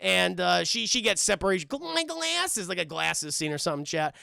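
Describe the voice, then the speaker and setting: A man's voice: high-pitched, a little fast, gravelly, clean tone, no room sound, studio quality. A man reviewing a cartoon live for his stream chat, swearing freely and joking as he recaps. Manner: profane, excitable, joking.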